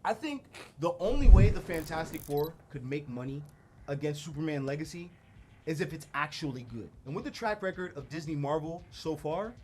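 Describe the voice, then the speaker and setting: A man's voice: on the high side, expressive, fairly quick, a little mellow, faint music behind. A man co-hosting a podcast, talking in a casual, opinionated, slangy way. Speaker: podcast co-host. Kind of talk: casual pop-culture chat.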